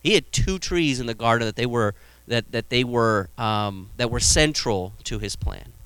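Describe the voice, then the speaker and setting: A man's voice: medium pitch, normal speed, fairly bright tone, smooth, no echo. A male pastor preaching casually, with humor and frequent restarts. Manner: conversational preaching, acts out Bible scenes with humor; frequent restarts and repeated words. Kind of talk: sermon.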